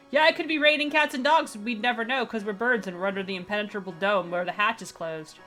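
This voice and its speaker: A woman's voice: mid-range voice, fast talker, few pauses, fairly bright tone, soft background music. A woman streamer giving joking, chatty commentary while playing a game. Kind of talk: let's play commentary.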